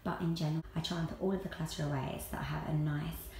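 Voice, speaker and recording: A woman's voice: sits low, steady tone, quick pace, darkish tone, a little hiss or hum. A woman, chatting casually and rambling with many ums while touring her own home for a vlog. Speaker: lifestyle vlogger. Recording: echoey room at home.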